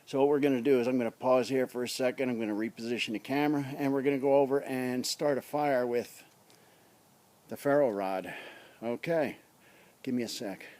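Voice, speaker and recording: A man's voice: mid-range voice, fairly quick, a little mellow. A man casually reviewing a survival knife in his yard, talking in a rambling, blunt way into a tablet camera on a tripod. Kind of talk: casual outdoor demo vlog. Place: outdoors in a front yard.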